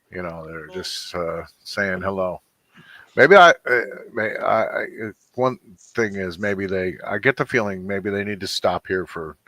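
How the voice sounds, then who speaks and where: Laid-back low-voiced male host. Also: a bit bright, dry recording. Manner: rambling, laid-back, many fillers. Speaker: podcast host. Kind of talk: casual chat.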